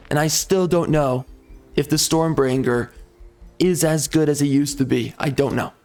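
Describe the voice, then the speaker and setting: A man's voice: fairly high pitch, moderate pace, a little mellow, soft background music. A man giving casual gameplay commentary, ranting in a mock-outraged, sarcastic way. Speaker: strategy game YouTuber.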